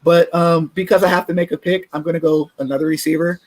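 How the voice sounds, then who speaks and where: A man co-hosting a casual sports podcast, relaxed and chatty, sometimes tripping over his words. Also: fairly high pitch, quick pace. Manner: relaxed, chatty, laughs easily, stumbles on words. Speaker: podcast co-host. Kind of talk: casual sports talk, mock draft.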